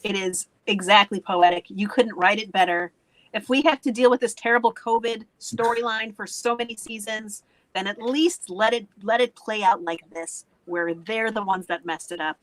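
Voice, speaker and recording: A woman co-hosting a casual gossip chat, quick and emphatic as she agrees and riffs along. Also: medium pitch, steady tone, a bit bright, dry recording, poor audio. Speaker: co-host.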